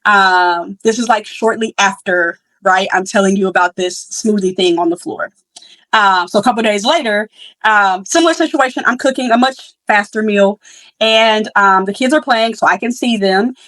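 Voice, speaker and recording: A woman's voice: mid-range voice, moderate pace, fairly bright tone, dry recording, poor audio. Chatty young mother, dry close sound. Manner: chatty, many fillers and restarts; candid and reflective. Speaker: podcast host. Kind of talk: casual storytelling.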